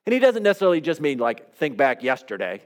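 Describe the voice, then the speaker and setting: A man's voice: on the high side, sing-song, fast talker. A male pastor preaching a sermon in a conversational, earnest way, often acting out the voices of people he quotes.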